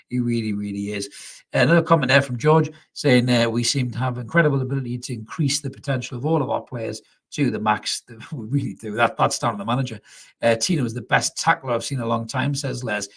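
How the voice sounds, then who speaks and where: A husky-voiced middle-aged man, chatting casually as he hosts a live stream. He talks at an ordinary pitch, swears freely and piles on repeats like "really, really" for emphasis. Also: a bit bright. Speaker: fan channel host reading live chat.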